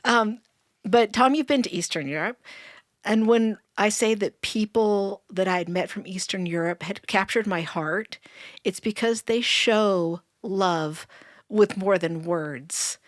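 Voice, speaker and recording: A middle-aged woman telling her story in a casual chat, earnest and warm, laughing often. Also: mid-range voice, measured pace, dry recording, clean studio sound. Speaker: storyteller guest.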